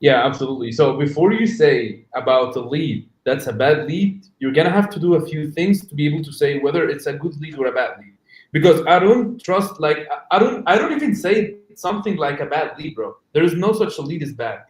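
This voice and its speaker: A man's voice: a little high, expressive, a little fast, roomy sound, low-quality recording. A man from Egypt, chatting as a guest salesman on a video call in a loose, filler-heavy way. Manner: loose, filler-heavy, says "you know what I'm saying". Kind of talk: casual chat on a video call.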